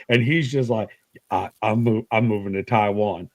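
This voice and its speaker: Casting note: brash, swearing man, dry close sound, mid pitch, big animated storytelling. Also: normal speed, no room sound, rough recording. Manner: profane, animated storyteller with lively put-on quotes. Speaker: co-host of a livestream. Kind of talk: casual chat.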